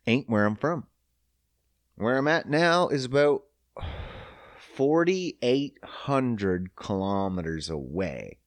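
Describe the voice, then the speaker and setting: A podcast host from Prince Edward Island, Canada, rants on his own, swearing constantly and working himself into mock fury, his pitch leaping up and dropping loudly when he's riled. He takes it slowly with long pauses, sitting close to the mic with a dry, dead sound and no echo.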